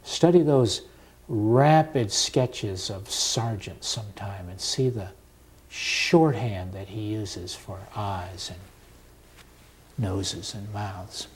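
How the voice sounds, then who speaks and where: A man teaching an oil portrait step by step, talking calmly with pauses while he paints. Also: fairly low pitch, slightly rough. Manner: slow, unhurried and calm, with pauses while working. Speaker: painting instructor.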